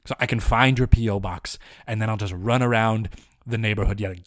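A man hosting a comedy podcast, rambling deadpan through a made-up film recap and breaking into mock-angry rants. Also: fairly low pitch, a little fast, few pauses, dry recording, studio quality.

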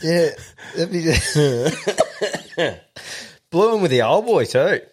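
A laid-back Australian man co-hosts a podcast in loose, casual chat. He laughs a lot and swears as he talks. His voice rises and falls in lively swings. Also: on the high side, slow, husky. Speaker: podcast co-host.

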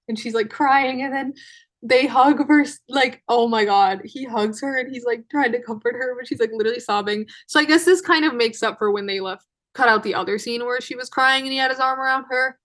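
A woman hosting a solo podcast recap, talking in a chatty, excitable way with lots of fillers. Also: a little high, brisk. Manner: chatty and excitable, many fillers, frequent laughs. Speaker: podcast host.

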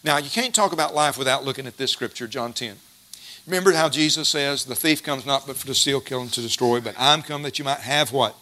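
A middle-aged man preaching a sermon, folksy and storytelling, slowing down to stress scripture verses. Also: medium pitch, pushed and bright.

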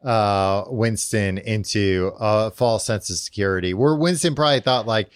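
A man's voice: fairly low pitch, unhurried, few pauses, clear, resonant tone, no echo, studio quality. A man co-hosting a podcast, recapping a book in casual chat with lots of fillers, restarts and laughter. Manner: rambling, filler-heavy, laughs often. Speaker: podcast co-host.

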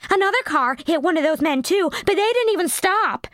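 A woman's voice: extremely high pitch, expressive, brisk, a bit bright, no room sound, studio quality, voice pushed up. A woman voicing a breathless, gushing young woman witness with a folksy Midwestern accent and a simpering voice.

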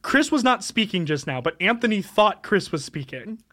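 A woman's voice: mid-range voice, sing-song, normal speed, fairly bright tone. A woman co-hosting a podcast, playfully improvising a comedy scene. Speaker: podcast co-host.

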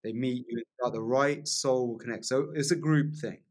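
A man telling a long personal story as a podcast guest, in a lively casual way, often asking "right?" along the way. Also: medium pitch, brisk. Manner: animated storyteller, frequent "like" and "right?" tags.

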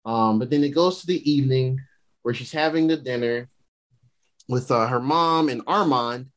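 A man's voice: medium pitch, normal speed. A young man hosting a podcast, casually recapping a show in rambling slang. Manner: slangy, rambling, laughs often. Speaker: podcast host.

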